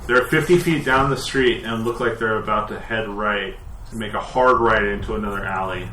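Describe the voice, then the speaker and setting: A man's voice: on the low side, moderate pace. A man narrating as dungeon master in a tabletop game, talking loosely with many fillers. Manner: relaxed, hesitant, many fillers. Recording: echoey room, faint noise.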